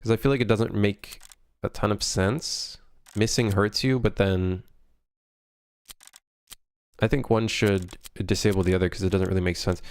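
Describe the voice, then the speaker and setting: A young man, a game developer on a livestream, talking loosely and haltingly with many fillers while reading viewer chat aloud. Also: fairly low pitch, steady tone, smooth.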